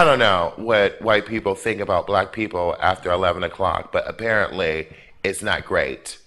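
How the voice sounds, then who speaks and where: A man's voice: low voice, fairly even intonation, moderate pace, sharp tone. A man hosting a drag talk show, telling a comic story in a theatrical way with laughing asides.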